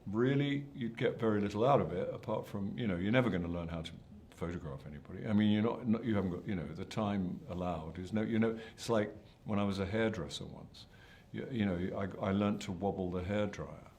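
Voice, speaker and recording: A man's voice: lowish voice, fairly quick, few pauses, darkish tone, slight background noise. An older man, an actor answering interview questions in a hesitant, self-deprecating way with many restarts. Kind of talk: press junket interview.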